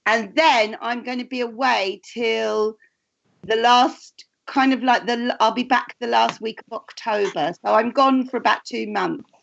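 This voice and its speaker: A woman's voice: on the high side, measured pace, creaky, a bit bright, slight background noise. A woman from England who reads tarot and acts, chatting casually as a co-host and rambling with restarts and asides. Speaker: tarot reader and actress, co-host. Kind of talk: casual chat. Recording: dull, muffled lo-fi sound.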